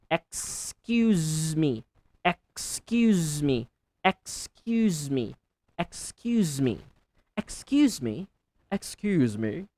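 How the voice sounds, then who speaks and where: A woman with an unusually deep, low voice teaches pronunciation at an unhurried pace. She repeats each word carefully and exaggerates every sound so learners can follow. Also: big pitch swings, darkish tone, some chatter behind, a little hiss or hum. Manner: slow, deliberate, repeats words with exaggerated enunciation. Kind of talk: pronunciation tutorial.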